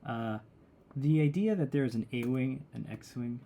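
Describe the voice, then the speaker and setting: A man co-hosting a podcast in casual chat, cracking jokes in quick asides. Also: medium pitch, expressive, gravelly, warm tone. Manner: joking and laughing, quick asides. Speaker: podcast co-host.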